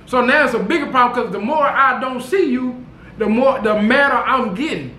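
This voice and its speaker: Animated high-voiced man telling a story. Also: moderate pace, reverberant. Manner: animated, slangy, repeats himself. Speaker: vlogger. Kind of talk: casual storytelling to camera. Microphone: camera mic.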